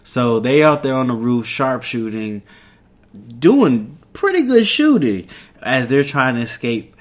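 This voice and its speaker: A man giving a loose, casual recap of a TV episode, rambling and quoting the characters in quick offhand voices. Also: medium pitch, big pitch swings. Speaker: show recapper.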